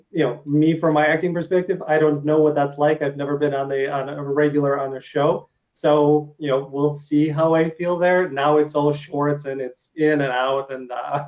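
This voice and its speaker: A man's voice: on the high side, little pitch movement, moderate pace, few pauses, darkish tone, poor audio. A man from Ukraine with a Russian accent, hosting an interview in a casual, hesitant way with many uh fillers. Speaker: interview host.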